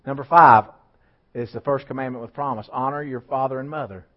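A man's voice: medium pitch, fairly quick. Male pastor preaching. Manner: animated preaching with rising emphasis and asides to the congregation. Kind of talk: sermon. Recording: slightly dull lo-fi church recording.

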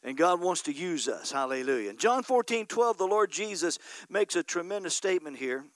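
Very animated and a little fast, this pastor's high-pitched voice comes through with no echo. His sermon is emphatic, punctuated again and again by calls to the congregation for an "Amen?"

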